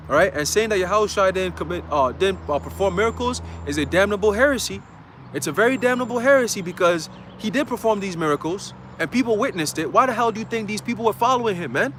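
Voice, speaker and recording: A man's voice: high-pitched, lively intonation, fast talker, fairly bright tone, slight background noise. A man preaching a casual livestream sermon in a loose, conversational way, full of fillers, reading scripture aloud.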